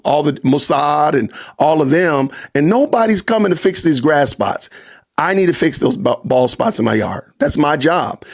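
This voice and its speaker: A middle-aged man, hosting a casual livestream podcast and talking straight to his live chat in an animated, joking way. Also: fairly high pitch, vocal fry. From Georgia, US. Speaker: podcast host.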